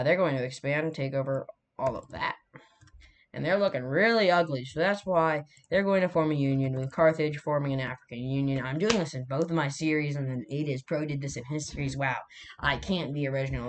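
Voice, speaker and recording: A young man giving casual, rambling commentary while drawing a map, often correcting himself and joking. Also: fairly high pitch. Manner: rambling, self-correcting, jokey asides. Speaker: mapping video creator.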